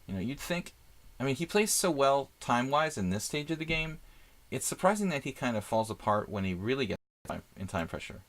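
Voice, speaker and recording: A man's voice: medium pitch, sing-song, brisk. A middle-aged man streaming chess, chatting casually and thinking aloud about his moves with lots of fillers. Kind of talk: casual live-stream chat while playing.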